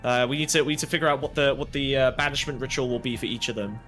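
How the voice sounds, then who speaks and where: A man streaming a playful role-play game as a paladin, protesting loudly and laughing often, with faint music behind. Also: mid-range voice, steady tone, racing.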